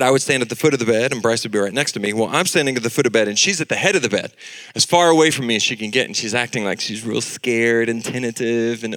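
A man in his thirties preaching a sermon, telling a family story with lively acted-out voices. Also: mid-range voice. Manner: animated storytelling, acting out voices. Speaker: pastor.

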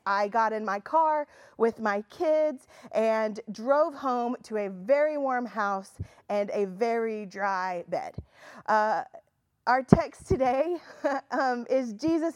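Woman in her thirties, high voice, dry close sound, chatty sermon, self-deprecating humor, lots of fillers. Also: dry recording. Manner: chatty storytelling with many fillers and restarts. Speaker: pastor. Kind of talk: conversational sermon.

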